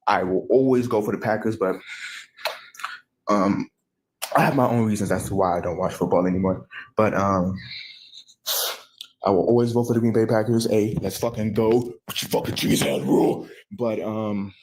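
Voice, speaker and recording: A man's voice: fairly low pitch, steady tone, moderate pace, pauses often, darkish tone, a little hiss or hum, rough recording. An American man giving a rambling, profane reaction commentary, often stopping to correct himself. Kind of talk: casual ranting commentary.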